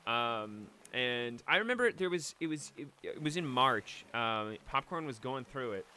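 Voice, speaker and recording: A man's voice: medium pitch, animated, measured pace, sharp tone, a little hiss or hum. A young man on a late-night game stream, rambling emotionally about a lost pet, choked up at times. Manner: rambling, emotional, with restarts and swearing.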